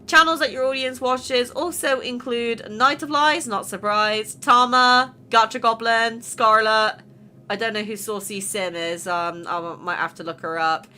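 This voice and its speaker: A woman casually chatting as a YouTube creator, excitable and full of exclamations as she goes over her channel. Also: on the high side, a little slow. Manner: excitable, exclaiming, laughs between remarks. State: emotional, near tears. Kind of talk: casual vlog chat reviewing channel stats.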